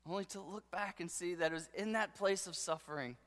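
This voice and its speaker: A man preaching a sermon with passion, dropping to a hush and then rising to loud declarations. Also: sits high, brisk. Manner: impassioned preaching, swinging between hushed and loud. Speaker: pastor. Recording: long hall reverb.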